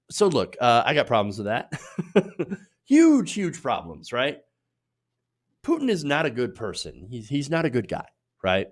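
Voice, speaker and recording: Animated opinionated male commentator. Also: mid-range voice, unhurried, long pauses. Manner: animated, opinionated, filler-heavy delivery with frequent "uh" and "right?". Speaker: political commentary host. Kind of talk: political commentary.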